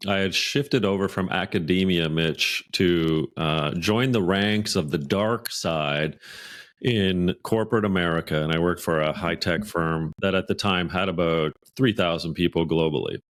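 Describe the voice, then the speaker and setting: A Canadian man, a podcast guest, telling a workplace anecdote in a lively, animated way. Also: low-pitched, measured pace. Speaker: guest author. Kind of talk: podcast storytelling.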